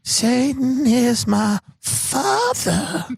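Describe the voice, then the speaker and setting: A man doing a slow, eerie impression of a young female pop singer, with a much higher voice than his own. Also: very animated, vocal fry, slightly rough, no echo, full character voice. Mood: ominous.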